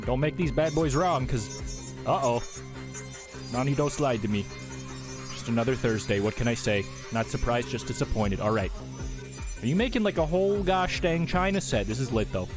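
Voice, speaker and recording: A man's voice: medium pitch, moderate pace, long pauses, music in the background. A man joking his way through comic reaction commentary on viral videos, playful and exclamatory.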